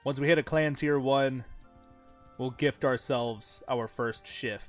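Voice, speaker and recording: A man's voice: mid-range voice, fairly even intonation, slow pace, soft background music. A man giving casual, chatty commentary over his own gameplay, swearing freely and laughing often as he talks to his viewers. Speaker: gaming channel host.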